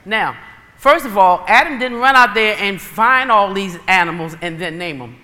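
A woman preacher giving a sermon in an animated storytelling way, acting out dialogue. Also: medium pitch, moderate pace. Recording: long reverb of a hall.

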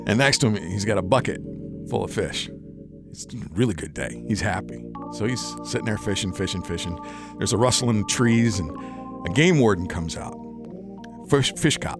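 A man co-hosting a fishing podcast, chatting casually and telling jokes with animated voices for the characters. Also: fairly low pitch, moderate pace, music in the background. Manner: animated joke-teller acting out characters. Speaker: podcast co-host.

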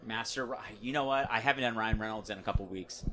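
A man co-hosting a podcast in casual chat, telling animated stories and slipping into impressions and accents. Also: lowish voice, fast talker, slight background noise. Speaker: podcast co-host.

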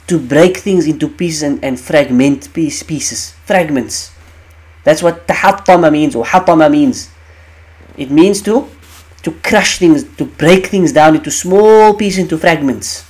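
A man teaching the meaning of Quranic verses in an emphatic way, repeating key phrases and asking rhetorical questions. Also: sits high.

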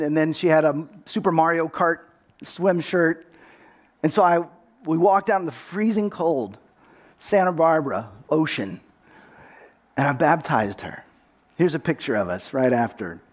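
Middle-aged texas-born pastor guy, pretty high voice, earnest storytelling sermon, trips over his words a bit.

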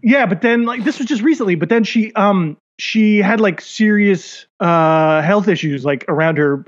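A man's voice: sits high, moderate pace, muffled recording. A man co-hosting a podcast, rambling and hesitant in casual banter and laughing often. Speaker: podcast co-host.

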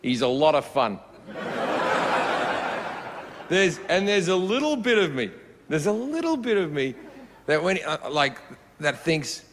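A man's voice: on the high side, sing-song, moderate pace, a bit bright. A man doing a stand-up routine, ranting with profane punchlines, recorded live. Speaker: stand-up comedian. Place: live comedy stage. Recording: live hall with crowd and noise.

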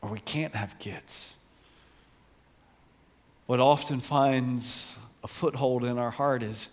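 A man's voice: medium pitch, slow, long pauses, in a large hall. A man preaching a sermon in an earnest way that rises to passionate emphasis. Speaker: pastor.

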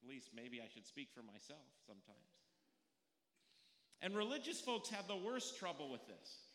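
A man's voice: mid-range voice, animated, normal speed, a bit bright. A male pastor preaching a sermon in a conversational, storytelling way, asking his listeners questions as he goes. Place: church sanctuary. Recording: echoey hall with long reverb.

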